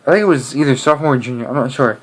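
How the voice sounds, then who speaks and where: A young man chatting casually to camera, rambling and hesitant, with many pauses and restarts. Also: medium pitch, poor audio. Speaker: video creator.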